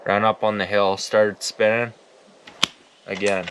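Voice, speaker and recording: A man's voice: fairly low pitch, little pitch movement, unhurried, noisy background. A man giving casual, rambling commentary as he reacts to his old videos, laid-back and swearing often. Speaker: outdoors YouTuber.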